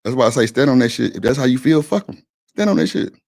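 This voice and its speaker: Blunt, gravelly-voiced man arguing hard. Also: medium pitch, very animated, quick pace, darkish tone. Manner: blunt, insistent, repeats himself, swears freely. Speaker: stream panel host. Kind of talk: heated argument on a live stream.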